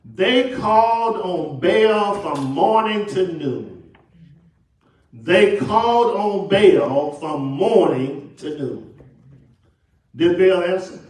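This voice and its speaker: A man's voice: high-pitched, expressive, extremely slow, a little mellow. A Southern American man preaching a sermon to his congregation, asking them questions and acting out the voices of the people in his story. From Texas. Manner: call-and-response preaching, acts out quotes. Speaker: pastor. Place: church sanctuary. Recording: echoey church from a distance.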